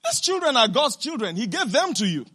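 A woman preacher delivering an emphatic sermon, asking the congregation question after question and breaking into shouts and laughter. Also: on the high side, sing-song, slightly rough. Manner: asks the congregation rapid rhetorical questions.

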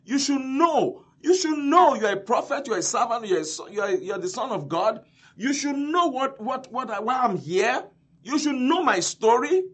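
A man voicing a desperate blind beggar, pleading with high, insistent questions. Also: animated, normal speed, fairly bright tone, breathy edge, heavily acted.

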